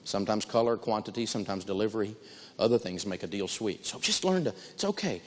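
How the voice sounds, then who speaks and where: A man giving an animated talk on negotiating, telling personal stories and repeating key phrases for emphasis. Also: on the low side, fast, in a large hall. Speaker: financial speaker teaching negotiation.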